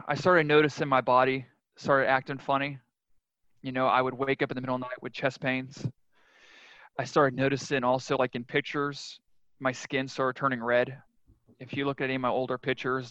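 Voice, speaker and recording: A man's voice: medium pitch, fairly bright tone, no room sound. Frank man telling his story, dry lo-fi. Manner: frank, earnest, confessional. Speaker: podcast guest. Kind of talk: casual interview storytelling. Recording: dull lo-fi dry sound.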